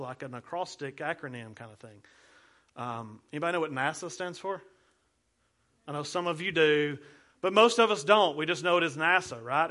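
A man's voice: a little high, bright, forceful tone. A man, a pastor giving a playful teaching sermon, walking listeners through memory cues. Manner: playful, explains with hand gestures and repeated cues.

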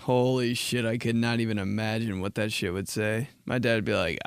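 A young man hosting a podcast, rambling through a comic story and dropping into slow, low voices when he quotes people. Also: no echo, studio quality. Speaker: podcast host. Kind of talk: casual comedic monologue.

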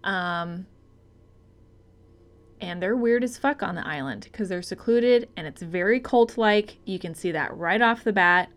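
A young woman co-hosting a casual movie podcast, laid-back and deadpan, laughing often. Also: mid-range voice, measured pace. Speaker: podcast co-host.

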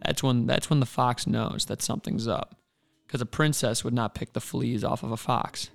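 A man's voice: medium pitch, steady tone, moderate pace, creaky, faint music behind. A man co-hosting a podcast, retelling a folk tale in a laid-back, rambling casual way. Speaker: podcast co-host. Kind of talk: casual storytelling.

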